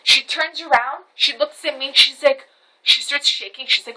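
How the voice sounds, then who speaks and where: A woman's voice: high voice, normal speed, crowd noise, low-quality recording. A woman recording a casual storytelling vlog on her camera phone, recounting events animatedly with many restarts, repetitions and swearing. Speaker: vlogger.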